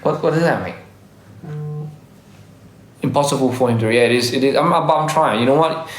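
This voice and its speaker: A man's voice: medium pitch, fairly quick, roomy sound, a little hiss or hum. Rambling man, faded Australian accent. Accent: Australian English, softened by years abroad. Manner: rambling, self-correcting, frequent laughs. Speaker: livestreamer. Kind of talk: casual live-stream chat reading comments.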